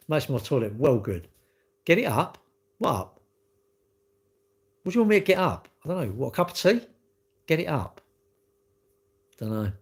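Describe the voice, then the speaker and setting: Cheeky rambling man, lively pitch. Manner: cheeky, rambling, acts out quoted exchanges. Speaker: livestream host reading chat. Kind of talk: casual chat with viewers.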